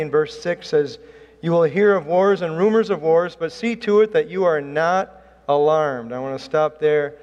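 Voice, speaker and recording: A middle-aged man preaching a sermon as a pastor, earnest and emphatic, pushing his voice up on key points. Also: fairly high pitch. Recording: reverberant hall.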